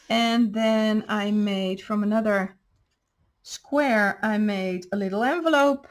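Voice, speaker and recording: A woman hosting a craft channel, patiently explaining step by step how she made each paper piece. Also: mid-range voice. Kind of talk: crafting show-and-tell.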